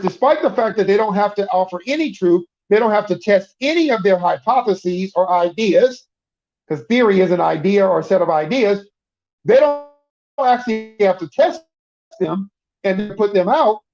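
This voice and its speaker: Emphatic middle-aged preacher with a high voice; repeats and restarts in sermon chat, dull lo-fi sound. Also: male voice, darkish tone. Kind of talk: conversational sermon.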